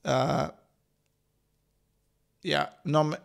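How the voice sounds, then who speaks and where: Hoarse, gravelly man rambling casually. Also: a little high, steady tone, extremely slow. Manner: rambling, swears, many fillers and restarts. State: hoarse from hay fever. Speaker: podcast host. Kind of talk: casual solo podcast chat.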